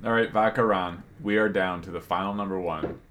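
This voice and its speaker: Low-voiced man hosting a podcast. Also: steady tone, a little fast, fairly bright tone. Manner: easygoing, steering the conversation. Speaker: podcast co-host. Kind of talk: casual podcast banter.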